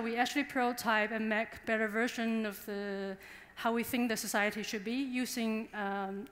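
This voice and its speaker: A woman's voice: on the high side, a bit bright. A young woman from Taiwan, giving a chatty, engaging conference talk and addressing the audience directly. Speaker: conference speaker. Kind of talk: conference presentation. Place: conference hall. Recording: long hall reverb.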